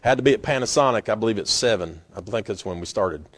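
A man preaching a sermon in a folksy, storytelling way, acting out scenes with sudden loud bursts. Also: fairly low pitch, expressive, fast.

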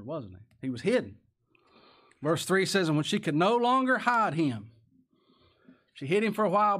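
A man preaching a sermon in a folksy style, with rhetorical tag questions, swinging from loud to hushed. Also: a little high, husky. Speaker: pastor.

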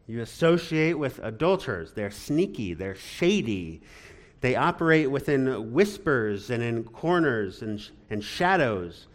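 A man preaching a sermon with dramatic emphasis, swinging between loud rises and quiet drops, with sarcastic asides. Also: mid-range voice, very animated, unhurried. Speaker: pastor.

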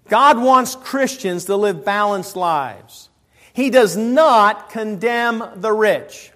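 High-voiced animated preacher man. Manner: animated, joking, swings between loud emphasis and quiet asides. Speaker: pastor. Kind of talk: sermon. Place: church.

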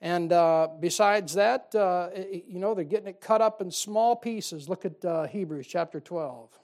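A man's voice: high voice, a little slow, a little mellow. A man preaching a sermon in a folksy, conversational way, often asking the congregation questions.

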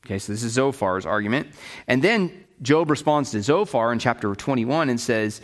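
A man's voice: medium pitch, expressive, moderate pace. Conversational man teaching a Bible study. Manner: conversational, checks in with "right?" and "okay?"; explains in plain paraphrase with restarts.

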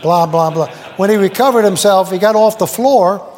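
High-voiced preacher man in an echoey hall. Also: normal speed, a little mellow. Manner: folksy, digressive, quizzes the audience. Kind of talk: rambling sermon with jokes and asides. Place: large hall with live congregation.

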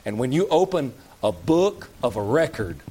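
A man's voice: medium pitch, big pitch swings, normal speed, dark tone, slightly rough. Folksy preacher man. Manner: folksy preaching, rhetorical questions, plain rural phrasing. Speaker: pastor. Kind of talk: sermon. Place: church.

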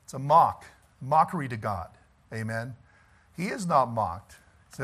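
A man's voice: medium pitch, lively intonation, measured pace, long pauses, fairly bright tone, breathy edge. A middle-aged man preaching a folksy sermon in church as pastor, talking conversationally with asides and chuckles, then pressing his points emphatically.

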